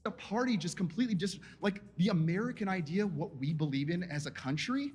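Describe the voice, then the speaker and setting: A high-pitched, husky speaker pressing an accusatory point in a heated debate. The delivery rants on with lively swings in pitch. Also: male voice, a little fast. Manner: impassioned, ranting and accusatory. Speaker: debate participant.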